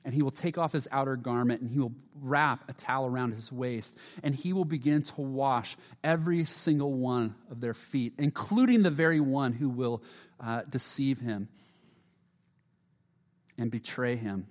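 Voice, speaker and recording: A man preaching a sermon, earnest, often dropping to a hushed voice, with frequent restarts and repeated words. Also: mid-range voice, normal speed. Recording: long hall reverb.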